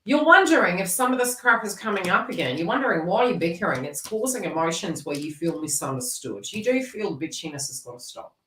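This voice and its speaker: A woman's voice: fairly low pitch, very animated, brisk, hardly any pauses, fairly bright tone, a little hiss or hum. A middle-aged woman giving a psychic reading to a viewer, chatty and blunt with laughter and mild swearing. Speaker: psychic reader. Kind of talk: casual spoken reading to a viewer. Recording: echoey room, far from the mic.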